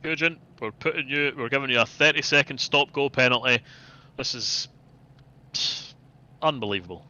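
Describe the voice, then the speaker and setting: A man's voice: mid-range voice, normal speed, bright, forceful tone, dull audio. A man co-commentating on an online sim race, with dry, teasing humour and mock outrage.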